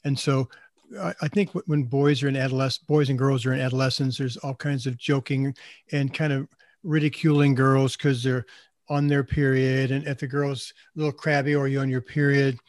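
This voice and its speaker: A man's voice: medium pitch, flat delivery, moderate pace, darkish tone, no echo, studio quality. A man hosting an interview, asking earnest, reflective questions. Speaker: host. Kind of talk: interview conversation.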